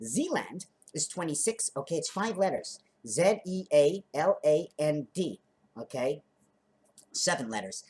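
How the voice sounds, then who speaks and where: Husky low-voiced woman rambling about codes. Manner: free-associating, laughs often, counts out numbers. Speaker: vlogger. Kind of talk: rambling monologue with drawings.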